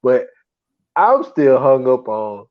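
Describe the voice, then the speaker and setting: A man co-hosting a podcast, retelling a show in animated casual chat, acting out quotes and swearing freely. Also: mid-range voice, slow pace, phone-quality sound. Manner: animated storytelling, acts out quotes, profane. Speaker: podcast co-host. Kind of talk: casual chat reviewing shows.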